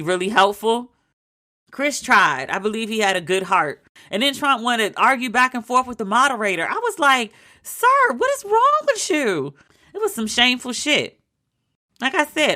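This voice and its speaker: A woman hosting a casual commentary podcast, ranting with sarcastic, animated energy and frequent swearing. Her voice is bright and forceful and sits at a middle pitch. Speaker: podcast host.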